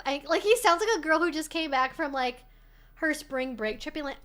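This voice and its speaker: High-voiced chatty woman streamer. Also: a little fast, fairly bright tone. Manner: rambling, swears freely, heavy use of "like". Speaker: streamer host. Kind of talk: casual livestream chat.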